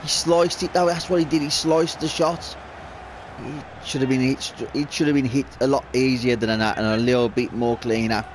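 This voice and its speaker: A man's voice: medium pitch, steady tone, moderate pace, a little hiss or hum. A man commentating on his own football video game, swearing and venting his frustration. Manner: profane, frustrated outbursts at the game. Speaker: gaming video creator.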